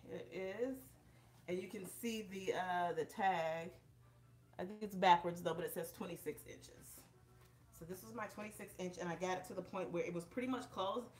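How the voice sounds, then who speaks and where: A somewhat low-pitched woman vlogging at home to a propped-up camera, chatty and direct with her viewers. She sounds a little out of breath as she talks. A faint hiss sits behind her voice. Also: moderate pace, a little mellow, reverberant. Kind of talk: casual vlog, demonstrating on camera. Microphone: camera propped up in front of her.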